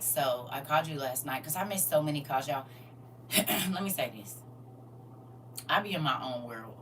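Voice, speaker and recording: At home for a casual morning livestream, a middle-aged woman chats with her viewers, greeting them by name and laughing often. Her voice is low-pitched and a bit bright. The mic sounds slightly distant, with a faint hum.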